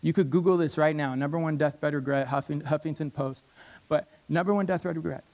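A male preacher delivering a sermon with earnest passion. He leans on repetition to drive each point home, and his voice sits a little above the usual male pitch. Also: fairly quick, darkish tone. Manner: passionate, emphatic, repeats key phrases.

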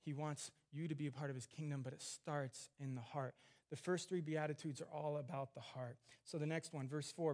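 A man preaching a sermon on scripture, earnest, dropping to hushed tender lines and rising into emphatic questions. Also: a little high, fairly even intonation, normal speed.

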